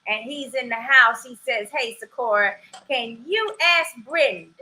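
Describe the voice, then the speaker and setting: Southern woman co-host, high and very bright voice, lively and giggly. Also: unhurried, low-quality recording. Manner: lively, laughs easily, reads out viewer comments. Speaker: podcast co-host. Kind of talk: casual podcast chat.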